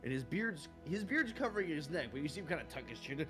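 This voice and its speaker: A man narrating a tabletop game as game master in a lively manner, quick to laugh. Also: on the high side, over music.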